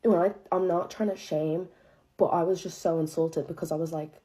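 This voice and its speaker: A woman's voice: on the low side, fairly even intonation, normal speed, dark tone. A young woman telling a dramatic personal story in a casual, profane way, full of filler words and disbelief. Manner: profane, chatty, heavy use of filler "like"; incredulous, dramatic retelling.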